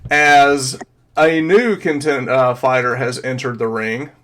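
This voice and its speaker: A man narrating as game master of a tabletop game, pausing often with fillers as he describes the action. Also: mid-range voice, fairly even intonation, fairly bright tone. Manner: hesitant, filler-heavy narration.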